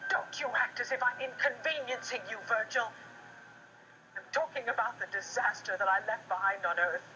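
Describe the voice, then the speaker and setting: A distraught daughter in heaven. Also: female voice, a little high, moderate pace, bright, forceful tone. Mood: indignant. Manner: pleading, emotional. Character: distraught grown daughter newly arrived in heaven. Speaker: soap opera actress. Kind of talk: 1980s daytime soap acting. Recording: dull TV broadcast with music.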